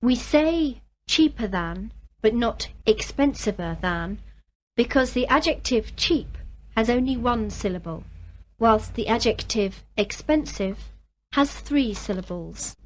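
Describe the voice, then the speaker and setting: A woman's voice: a little high, expressive, slow. A woman giving careful full-sentence answers in a scripted English drill.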